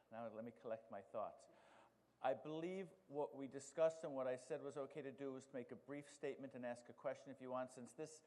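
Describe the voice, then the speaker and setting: A man's voice: mid-range voice, darkish tone. Male moderator running a meeting in a hall. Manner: procedural, firm, slightly halting with fillers. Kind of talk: chairing a public meeting. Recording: long hall reverb.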